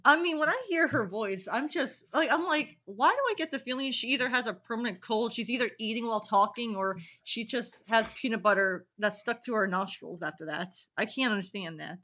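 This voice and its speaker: A teenage girl hosting a casual chat, rambling and giggling between quick asides. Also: on the high side, sharp tone. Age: teens. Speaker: host. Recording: echoey call audio.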